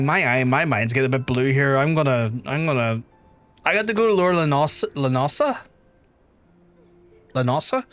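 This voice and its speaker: Male streamer, chatty and excitable, sweary, fairly high voice, faint music underneath. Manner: excitable, swears often, pitch jumps high when amazed. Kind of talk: casual gaming livestream chat.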